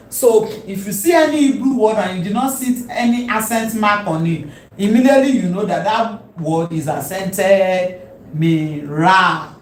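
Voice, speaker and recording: A woman teaching a Hebrew lesson, speaking deliberately and repeating key words so learners can follow. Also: medium pitch. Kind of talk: recorded language lesson. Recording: roomy echo, faint background hum.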